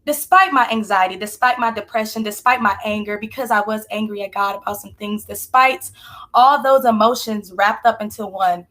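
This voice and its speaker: A woman's voice: medium pitch, moderate pace, a bit bright. A young woman sharing a heartfelt personal faith testimony in an earnest, conversational way. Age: young adult. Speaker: team member sharing testimony.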